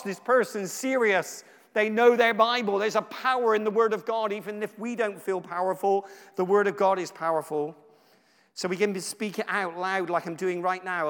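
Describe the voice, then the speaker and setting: Emphatic man preaching in a hall. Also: high voice. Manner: emphatic, repeats phrases, swings from loud to hushed. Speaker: guest preacher. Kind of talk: sermon. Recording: long hall reverb.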